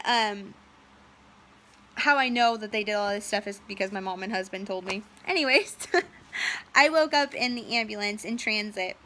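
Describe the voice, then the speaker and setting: Bright-voiced woman telling a rambling story. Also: medium pitch, a little hiss or hum. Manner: rambling, many "um"s and "and so", quotes others in dialogue. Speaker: storyteller recounting a personal medical ordeal. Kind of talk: casual personal storytelling.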